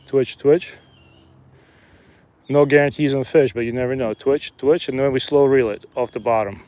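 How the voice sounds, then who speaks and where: Upbeat guy in his 30s, fishing live stream outside by a lake, chatty and jokey, average pitch. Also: steady tone, fast, darkish tone. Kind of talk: casual live-stream chat. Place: outdoors by a lake.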